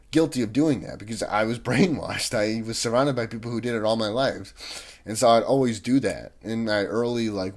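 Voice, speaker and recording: Young man, lowish voice, casual vlog rant, rambling, irritated. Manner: rambling, many restarts and "like" fillers, irritated. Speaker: vlogger. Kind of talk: casual ranting monologue.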